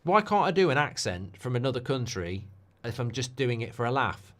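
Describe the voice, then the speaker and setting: The football watchalong streamer talks briskly in a sing-song, mid-range voice as he reads and reacts to messages from viewers. Opinionated and casual, he keeps tacking on tag questions and grows ranty and worked up whenever he argues something.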